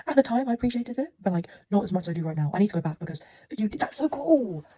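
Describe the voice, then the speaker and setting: A young British woman with a British English accent records a chatty travel vlog outdoors, talking very fast in an expressive, dark, slightly rough voice. She rambles, swears freely, and laughs often. There's no echo.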